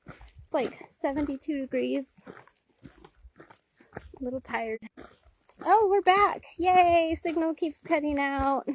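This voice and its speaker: A high-voiced woman talks slowly into her phone held out in front of her on a mountain trail, out of breath from the climb. She chats casually, breaking into baby talk with her dogs. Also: a bit bright. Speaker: dog owner vlogger. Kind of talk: casual live-stream chat. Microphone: phone held selfie style.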